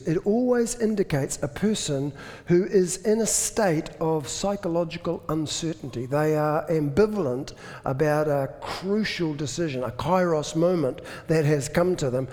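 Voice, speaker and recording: A man's voice: fairly high pitch, darkish tone. A man preaching a sermon, explaining things in a conversational way with dry self-deprecating humor. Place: church. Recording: echoey hall.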